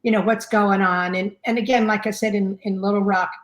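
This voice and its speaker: A woman's voice: medium pitch, fairly even intonation, a little fast. A woman in her sixties, a fire chief guest, telling stories in a rambling conversational way with many fillers. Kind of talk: conversational storytelling. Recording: roomy echo.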